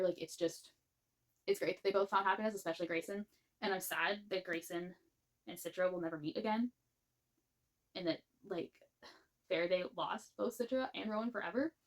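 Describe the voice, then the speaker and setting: A woman reviewing a book series in a gushing, animated way, rambling with many restarts. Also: lowish voice. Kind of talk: casual spoken book review.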